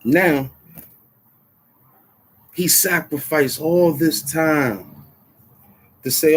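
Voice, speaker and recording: Here the vlog host's voice sits higher, and he talks extremely slowly with long pauses, over a little hiss or hum. He's a middle-aged man giving a casual political rant to camera, full of heated street slang and phrases said again for emphasis.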